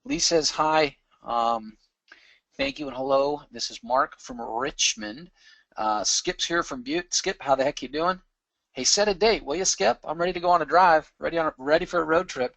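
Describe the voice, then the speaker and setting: An energetic man hosts a live webinar, reading out names with quick, chatty asides. His voice sits a little high. The sound is close and dry, like a desk or headset mic on a computer call. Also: no echo. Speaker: webinar host.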